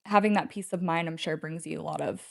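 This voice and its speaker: A woman's voice: low voice, fast talker, gravelly, no echo, studio quality. A woman appearing as a guest on a podcast and chatting casually, eager and upbeat. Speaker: podcast guest, executive assistant.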